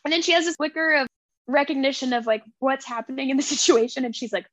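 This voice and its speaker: High-voiced young woman, animated book talk. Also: fast, no room sound, muffled recording. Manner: animated, acts out scenes, laughs a lot. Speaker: podcast co-host. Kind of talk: casual book chat.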